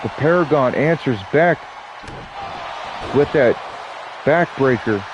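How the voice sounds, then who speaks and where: A man's voice: mid-range voice, expressive, slow, lo-fi sound, background noise. Stuffy-nosed man calling wrestling. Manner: casual, joking asides between calls. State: stuffy nose. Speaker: play-by-play commentator. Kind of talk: wrestling commentary.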